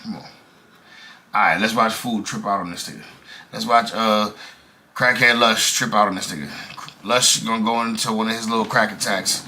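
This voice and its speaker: A man co-hosting a reaction stream, talking in loud, profane slang and laughing at the clips. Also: lowish voice, steady tone, normal speed, long pauses. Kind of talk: casual reaction chat.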